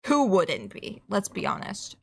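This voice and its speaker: A woman's voice: mid-range voice, huge pitch swings, creaky, a little hiss or hum. Rambling young Canadian woman streaming. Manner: rambling, quick asides, swears casually. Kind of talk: casual streaming chat while gaming.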